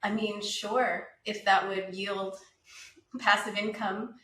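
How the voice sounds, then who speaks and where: A woman co-hosting a podcast, talking in a relaxed and reflective way. Her voice is mid-pitched and echoes around a roomy space. A faint hum sits behind her. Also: slow pace, recorded from a distance. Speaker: podcast co-host. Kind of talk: casual chat.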